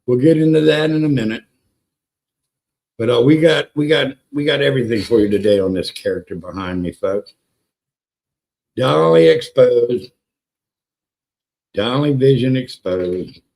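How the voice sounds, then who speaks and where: A man hosting a casual livestream, excitable and profane, greeting chatters by name and repeating words for emphasis. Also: mid-range voice, measured pace, vocal fry, pauses often, low-quality recording. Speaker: livestream host. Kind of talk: casual live-stream chat with viewers.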